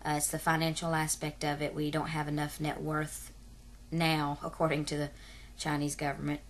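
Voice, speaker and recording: A deep-voiced woman in her 30s vlogs at a moderate pace with a completely flat delivery, a little hiss or hum audible. She talks to her camera casually and at length, rambling with fillers and asides.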